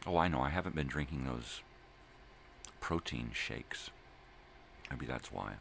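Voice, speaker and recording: Very deep gravelly older man rambling. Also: animated, a bit bright, slight background noise. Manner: slow, drifting, full of fillers and wordplay. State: drowsy from cold medicine. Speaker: vlog host. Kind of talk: rambling morning chat.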